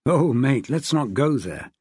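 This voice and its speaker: A man's voice: mid-range voice, big pitch swings, a little slow, darkish tone, slightly rough, no echo. A man doing a wry middle-aged schoolteacher dad. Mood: teasing. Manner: dry, teasing. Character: witty middle-aged male schoolteacher and father, wry and dry.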